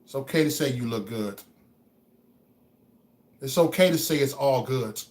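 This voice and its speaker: With medium pitch and a measured pace, the livestream host encourages his chat. He circles the same phrases, gets stuck on words, and alternates between hushed musing and full-volume preaching.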